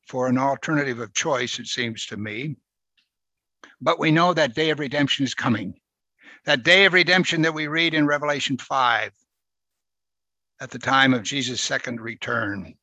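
A man's voice: a little high, pushed and bright, no room sound, rough recording. A man preaching a sermon in a conversational way, often asking rhetorical questions.

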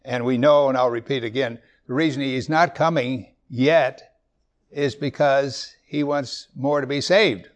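A man preaching a sermon, reading verses slowly and loudly, with quick, quieter asides in between. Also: medium pitch, fairly even intonation, dull audio. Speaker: pastor. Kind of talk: sermon, Bible teaching.

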